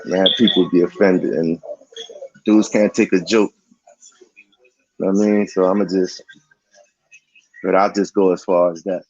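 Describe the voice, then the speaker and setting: A man rambles through a casual vlog in loose, slangy street talk. His voice is husky and a little muffled, as if from a dull, lo-fi recording. He restarts his sentences often. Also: level tone, normal speed, long pauses, darkish tone. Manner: sing-song high calls of a greeting catchphrase. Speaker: vlogger.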